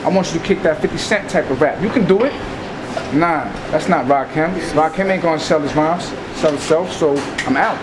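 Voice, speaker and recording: A man's voice: on the high side, fairly quick, noisy background. A man from Staten Island, giving an interview in casual talk and acting out scenes to make his point. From Staten Island, New York.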